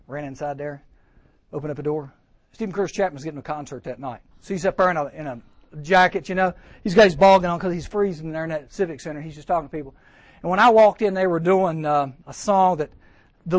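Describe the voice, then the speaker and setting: Fast, high-voiced preacher man. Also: no room sound. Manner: animated, acts out quoted voices. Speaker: camp preacher. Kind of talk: storytelling sermon to teens. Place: indoor camp chapel.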